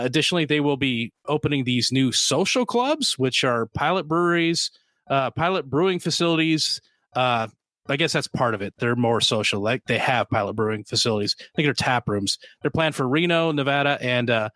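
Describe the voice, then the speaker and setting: A man co-hosts a beer podcast, chatting casually and rambling, with lots of ums, fillers, and restarts. His mid-range voice is expressive and a bit bright, he speaks at a moderate pace, and there's no echo.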